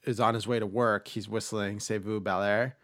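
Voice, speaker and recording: Talking casually about movies on his podcast, a man rambles with plenty of fillers and restarts. His voice is on the low side and fairly bright with little pitch movement, at a moderate pace, in studio quality with no echo.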